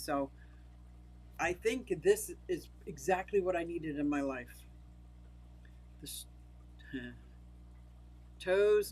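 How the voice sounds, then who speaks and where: A woman's voice: lowish voice, rough recording. Chatty older woman hosting a livestream. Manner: chatty, laughs often, answers viewers by name. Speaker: livestream host. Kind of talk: casual livestream chat reading comments.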